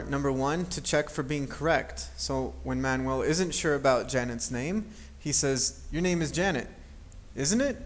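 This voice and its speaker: A man teaching an English grammar lesson, explaining patiently and modeling intonation aloud. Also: medium pitch.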